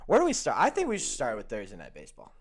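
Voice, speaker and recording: Jokey guy hosting a sports betting show, pitch jumping all over, rattles off stats. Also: wildly swooping pitch. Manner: upbeat, jokey, reads stat lines quickly. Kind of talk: casual sports betting chat.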